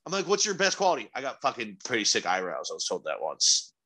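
Young adult man, podcast co-host, forceful bright tone, swearing casually, rambling stories, sudden excited spikes. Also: fast talker. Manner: rambling, profane storytelling with sudden excited jumps in pitch. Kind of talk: casual chat.

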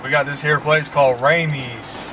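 A man's voice: a little high, fairly even intonation, moderate pace, far from the mic. A man from Mississippi with a Southern accent, chatting casually and laughing often as he hosts a driving vlog. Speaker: vlog host. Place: inside a moving car. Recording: car and road noise. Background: road and car noise.

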